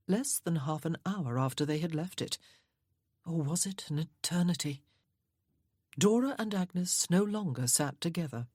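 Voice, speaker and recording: A woman narrating an audiobook in a measured, even way. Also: low-pitched, no echo, studio quality.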